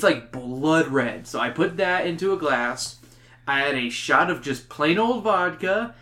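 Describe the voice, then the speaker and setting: A man's voice: fairly high pitch, fairly bright tone. A man hosting a podcast in casual chat, upbeat and rambling with restarts. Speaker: podcast host.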